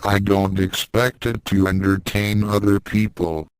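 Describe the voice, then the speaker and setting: A man's voice: fairly low pitch, flat delivery, unhurried, clear, resonant tone, close to an everyday voice, poor audio. A man reading as a guilty, hot-tempered young fighter. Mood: defensive. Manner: defensive, frustrated. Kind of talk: audiobook reading of fan fiction.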